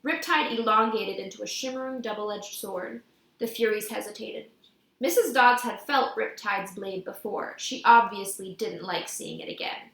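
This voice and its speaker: A woman reading a novel aloud with lively, expressive storytelling, recorded in an echoey room. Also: mid-range voice, normal speed, creaky. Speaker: audiobook reader.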